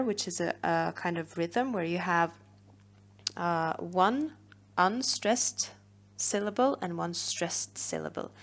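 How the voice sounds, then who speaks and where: A woman teacher, patiently explaining a poem in a recorded literature lesson, pausing on fillers. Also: fairly low pitch.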